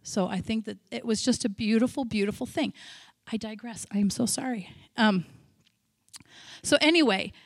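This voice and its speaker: A woman missionary giving a sermon, telling stories with feeling, breaking into shouted praise and chatty asides. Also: a little high, normal speed, no echo, clean studio sound. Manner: emotional storytelling, bursts into loud shouted praise; chatty, self-interrupting asides. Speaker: missionary speaker.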